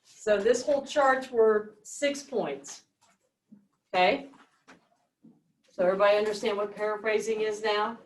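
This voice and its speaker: In an echoey classroom captured by a distant mic, a woman teacher runs a reading lesson, explaining things step by step and quizzing the class. Her medium-pitched voice stays steady and unhurried, broken by long pauses.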